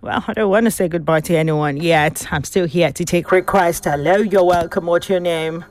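A young woman hosting a live radio call-in request show, chatting briskly with callers. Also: fairly low pitch, darkish tone.

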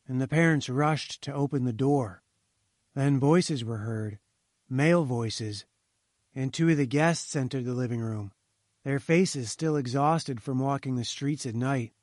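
Storybook narrator, adult man, measured and steady, dry booth sound. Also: mid-range voice, no echo. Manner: measured, slowing to a hush at grim moments.

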